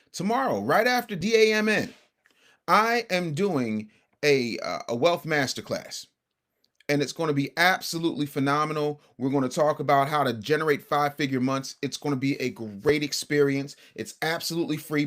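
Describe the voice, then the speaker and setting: A man's voice: on the high side, fairly bright tone. A man hosting a casual livestream commentary show, brash and combative, talking straight to his chat.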